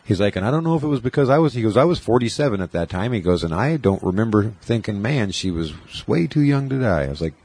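Husky man in his forties telling stories. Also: on the low side, big pitch swings, fast, hardly any pauses, darkish tone. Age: 40s. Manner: rambling storytelling, quoting others in raised voices. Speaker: podcast host. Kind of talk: casual chat.

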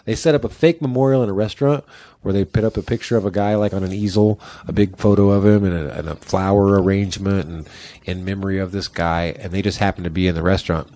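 A man's voice: sits low, steady tone, fast, dark tone. A man telling long rambling anecdotes in casual chat, swearing and saying "like" a lot.

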